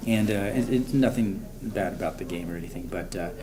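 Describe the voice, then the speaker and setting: A man, an actor, chatting casually in an interview, relaxed and full of fillers like "you know.". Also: low voice, a little fast, crowd noise. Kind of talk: casual chat. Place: convention room with crowd around.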